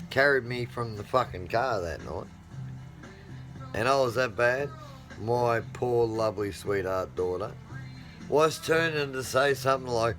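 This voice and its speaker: A middle-aged man vlogging as he tells a long, rambling family story. He swears constantly and swings from loud bursts to low mutters. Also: measured pace, faint music behind. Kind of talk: casual storytelling.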